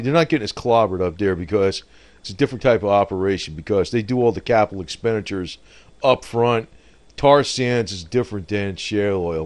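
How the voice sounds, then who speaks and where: Male, mid-pitched, rambling off-the-cuff market commentator who laughs at his own jokes.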